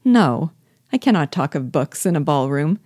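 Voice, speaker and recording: A sharp, teasing young lady at a ball, as a woman reads her. Her voice is low and mellow, her lines pointed, the sound dry and close. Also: sing-song, normal speed, no echo.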